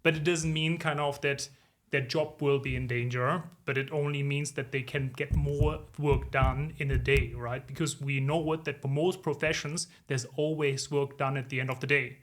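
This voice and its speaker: A man in his forties, a consultant guest in a podcast interview, answering in a measured, reflective way with many "um"s and "if you will". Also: mid-range voice, fairly even intonation.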